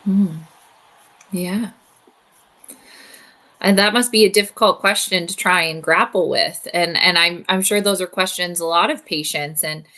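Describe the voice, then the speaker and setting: Female panel facilitator, bright tone, reflective and empathetic delivery. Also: lowish voice. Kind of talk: panel discussion.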